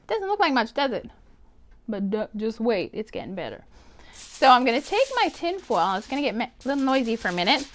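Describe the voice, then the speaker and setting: A bright, high-voiced woman talks viewers through a craft project. Her pitch swings widely and she sounds playful and chatty as she works. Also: big pitch swings, fairly quick. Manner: chatty, playful, upbeat, talks while working. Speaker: art teacher. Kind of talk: casual craft tutorial.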